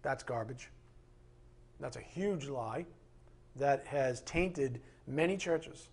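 A man's voice: medium pitch, slow, creaky, darkish tone, slightly rough. A man pastor preaching a sermon with emphatic, impassioned delivery, acting out quoted voices along the way.

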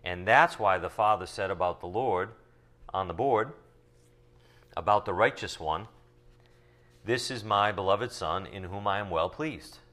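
A man teaching from the Bible, reading verses slowly and then explaining them in casual asides full of rhetorical questions. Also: deep voice, pushed and bright. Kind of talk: sermon teaching from scripture.

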